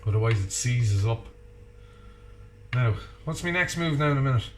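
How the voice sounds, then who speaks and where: A man's voice: medium pitch, expressive, normal speed, echoey room, slight background noise. An Irishman chatting and joking while he cooks at home, bantering with someone off camera. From Ireland. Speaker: vlogger cooking at home. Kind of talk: casual chat while cooking. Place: home kitchen.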